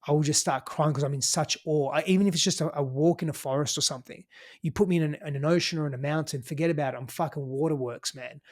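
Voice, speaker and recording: Emphatic Australian man, slightly high voice. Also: quick pace, a little mellow. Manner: emphatic, sweary, full of "you know" and "right?". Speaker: podcast guest. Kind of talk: casual conversational advice.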